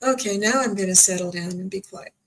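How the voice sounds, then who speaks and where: A woman hosting a live-streamed spiritual reading as a psychic medium, speaking softly and gently and drawing out her words. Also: mid-range voice, brisk, rough recording.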